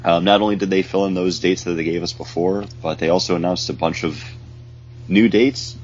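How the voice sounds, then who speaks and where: A man with a stuffed-up nose, hosting a podcast in a relaxed, chatty way. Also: low-pitched, brisk, soft background music. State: stuffed up, congested. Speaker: podcast host. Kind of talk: casual chat. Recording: dull lo-fi sound, faint hum.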